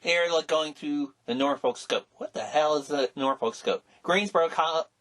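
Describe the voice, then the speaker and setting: A middle-aged man chats casually as a podcast co-host. His voice sits a little high for a man, and he rambles with plenty of restarts and sudden animated outbursts. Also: moderate pace. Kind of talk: casual chat.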